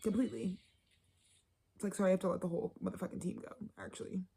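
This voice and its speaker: A woman's voice: mid-range voice, rapid-fire, gravelly, husky, low-quality recording. Profane, rambling woman reading tarot. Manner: blunt, profane, rambling and animated; drops into whispers. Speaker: tarot reader. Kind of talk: casual tarot reading monologue.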